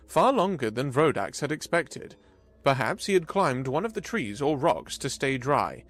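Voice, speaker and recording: Expressive male story narrator. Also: mid-range voice. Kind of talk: scripted narration.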